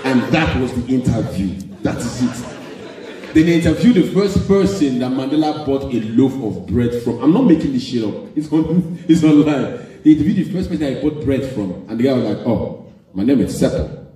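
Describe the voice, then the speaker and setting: A Nigerian man with a Nigerian accent performing animated live stand-up comedy. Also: medium pitch, normal speed. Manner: animated, storytelling. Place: live venue hall. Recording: echoey live hall, distant mic.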